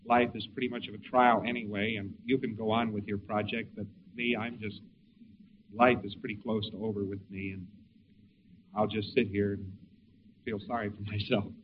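A man acting a quiet, hopeless man who mumbles and trails off, on a lo-fi tape with faint hiss. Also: medium pitch, moderate pace, lightly acted. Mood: self-pitying.

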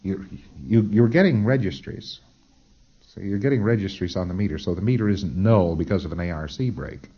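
A man with a fairly low voice delivers a lecture, explaining procedure step by step and slipping into acted-out exchanges. The tape is dull and lo-fi, with the upper frequencies muffled. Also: fairly quick, husky. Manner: explanatory, acts out dialogues. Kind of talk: recorded lecture.

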